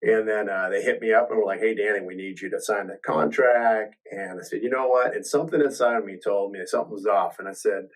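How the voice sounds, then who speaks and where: A man with a lowish voice tells a long personal story in a loose, rambling way. He keeps restarting his sentences and acts out what other people said. He sits a little back from the microphone, so the sound sits at a distance. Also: steady tone, quick pace, few pauses. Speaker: podcast host telling his story. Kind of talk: casual storytelling.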